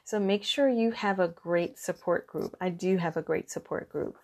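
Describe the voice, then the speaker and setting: A middle-aged woman with a somewhat low voice shares self-care advice in a heartfelt, earnest way. She encourages her listeners warmly, and she often stumbles and restarts mid-sentence. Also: moderate pace.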